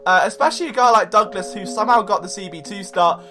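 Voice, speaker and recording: A man's voice: high-pitched, quick pace, music in the background. A man hosting a sports podcast, talking in a chatty, jokey, rambling way. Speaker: podcast host. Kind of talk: casual sports podcast talk.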